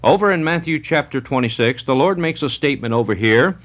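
Emphatic preacher, muffled recording. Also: male voice, medium pitch, lively intonation, a little fast, fairly bright tone. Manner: emphatic, repetitive preaching with scripture readings. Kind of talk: sermon.

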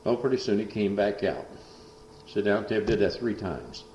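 A man's voice: on the low side, animated, normal speed, a little mellow, a little hiss or hum. A man, a preacher telling a story in a folksy, rambling way. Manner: folksy, rambling, lots of uh fillers. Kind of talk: storytelling testimony. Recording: echoey dull lo-fi recording.

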